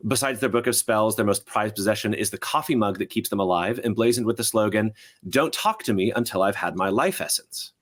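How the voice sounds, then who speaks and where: Casting: male game master, low voice, upbeat, laughs easily. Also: brisk. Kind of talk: hosting a tabletop game.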